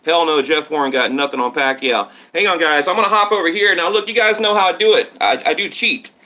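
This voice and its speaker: A man's voice: on the high side, fairly quick, pushed and bright. A man hosting a boxing channel live stream, chatting casually and rambling to his viewers while reading their comments from a tablet at home. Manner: rambling, talks straight to viewers, reads comments. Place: home setup in Texas.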